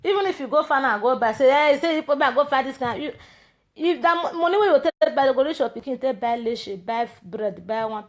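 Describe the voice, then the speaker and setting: A woman speaking Nigerian Pidgin English, her voice sitting a little higher than most. She rants in a loose, confrontational way, mocking and rambling as she talks straight to her viewers. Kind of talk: casual ranting monologue.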